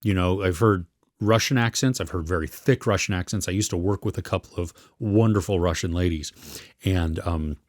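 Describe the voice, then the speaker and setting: A man's voice: sits low, moderate pace, a little mellow, dry recording, studio quality. A man co-hosting a podcast, chatting casually about a series he watched and searching for his words as he goes. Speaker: podcast co-host. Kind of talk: casual film review chat.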